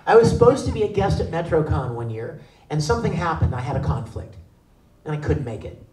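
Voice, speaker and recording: A male convention guest telling stories on a panel, laughing often and acting out the other voices. His voice is high and swoops widely. He is heard from far off in a roomy, echoing hall. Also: brisk. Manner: lively, laughing, acts out voices. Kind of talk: animated storytelling. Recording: echoey room from far off.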